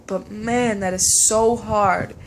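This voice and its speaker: A young woman with a stuffy nose from a cold, venting in a frustrated, halting personal vlog with many fillers and restarts. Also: mid-range voice, steady tone, a little hiss or hum. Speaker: vlogger. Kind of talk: emotional personal vlog rant.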